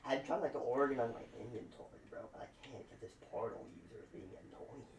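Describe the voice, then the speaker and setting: A man's voice: medium pitch, quick pace, a crowd in the background. A man chatting to himself while playing a video game. He uses lots of slang and keeps breaking into frustrated outbursts. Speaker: son gaming in background. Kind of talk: gaming chatter. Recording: distant, roomy, noisy.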